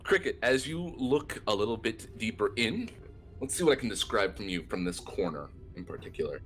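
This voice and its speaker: A man narrating as dungeon master, setting scenes in a relaxed, descriptive way. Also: fairly low pitch, moderate pace. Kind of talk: narrating a tabletop game.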